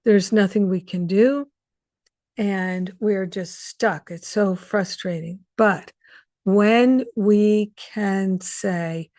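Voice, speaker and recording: A woman's voice: medium pitch, very slow, darkish tone, no room sound. A woman hosting an online spiritual gathering, speaking earnestly and reflectively with many fillers and restarts over a video call mic. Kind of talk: conversational spiritual talk.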